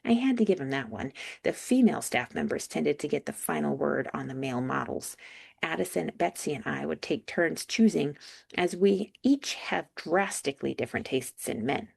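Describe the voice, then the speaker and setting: A woman's voice: deep voice, lively intonation, moderate pace, vocal fry, a little mellow, breathy edge. A young woman reading a first-person audiobook with dry, wry asides. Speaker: audiobook narrator.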